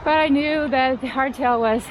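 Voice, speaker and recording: A woman's voice: sits high, normal speed. A woman chatting casually while reviewing her bike outdoors, laughing often and poking fun at herself. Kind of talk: casual chat while riding. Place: outdoors on trails and roads. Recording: noisy outdoor recording.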